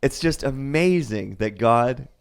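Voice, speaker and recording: A man co-hosting a church podcast in casual chat, retelling scripture stories with lively acted quotes and frequent laughs. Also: mid-range voice, slow, clean tone. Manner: animated, acts out quotes, laughs often. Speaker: podcast co-host.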